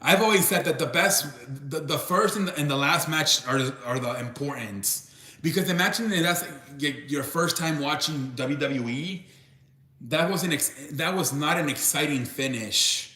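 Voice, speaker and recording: A man's voice: a little high, moderate pace, pushed and bright. Rambling young man in an echoey room. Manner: rambling, restarts often, reacts to chat. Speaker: live show host. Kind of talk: casual live-stream wrestling chat.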